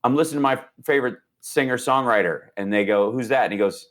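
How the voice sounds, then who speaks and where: A man's voice: mid-range voice, fast talker, fairly bright tone. A man in his forties from Indiana, a podcast guest telling stories with energy and acting out quoted voices. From Indiana, USA. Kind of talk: animated storytelling.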